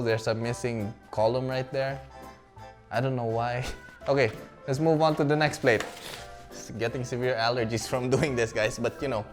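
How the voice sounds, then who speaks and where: A young man from the Philippines, casually talking through his old school work, chatty and self-mocking with frequent laughs. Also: mid-range voice. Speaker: vlogger.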